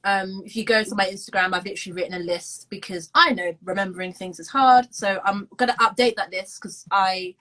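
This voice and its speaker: Bright-voiced young London woman. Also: medium pitch, steady tone, fairly quick, hardly any pauses, low-quality recording. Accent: London English. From London, England. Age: 20s. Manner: rambling, full of ums and restarts. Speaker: co-host, musician. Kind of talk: casual video-call chat.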